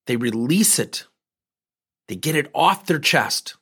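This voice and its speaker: A man's voice: medium pitch, animated, slow pace, fairly bright tone, breathy edge. A middle-aged man giving a motivational business talk, speaking directly and emphatically and repeating points for stress.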